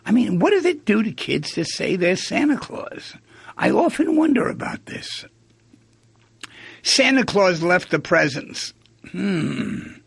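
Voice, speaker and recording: A man's voice: high-pitched, big pitch swings, takes it slowly, creaky, a bit bright, breathy edge, no echo. A man hosting a radio talk show, musing aloud, asking rhetorical questions and acting out quoted lines. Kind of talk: reflective monologue on relationships.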